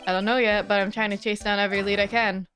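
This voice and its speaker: A woman's voice: mid-range voice, flat delivery, quick pace, fairly bright tone, lightly acted. A woman reading the lines of an earnest young male defense attorney, plainly and inquisitively, over faint game music. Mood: questioning.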